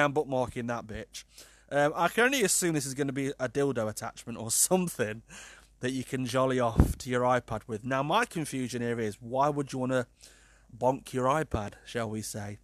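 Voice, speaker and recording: A man hosting a casual podcast monologue, animated and sweary, laughing at his own jokes. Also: mid-range voice, a little fast, dry recording. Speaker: podcast host.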